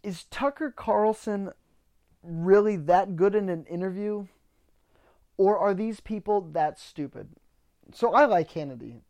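A man's voice: high-pitched, a little slow, darkish tone. A man hosting a podcast, ranting in a casual monologue, swearing freely and often repeating words as he starts sentences. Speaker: podcast host.

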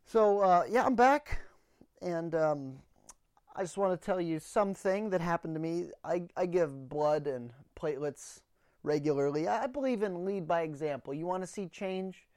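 A man's voice: high voice, animated, normal speed, darkish tone, dry recording, clean studio sound. A man hosting a comedy podcast alone, telling a rambling story in a blunt, sarcastic way and a little out of breath. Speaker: podcast host. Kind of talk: solo comedic monologue.

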